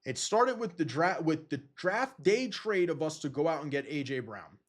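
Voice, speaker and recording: Young man in excitable sports talk. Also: a little high, normal speed. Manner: excitable, rambling, swears freely. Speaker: podcast host.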